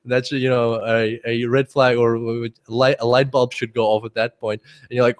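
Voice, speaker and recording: Aussie guy running a trading webinar, chatty, thinks out loud, laughs a lot, normal pitch. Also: level tone, moderate pace. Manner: chatty, laughs often, thinks aloud with restarts. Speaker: forex trading instructor. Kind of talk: unscripted webinar teaching.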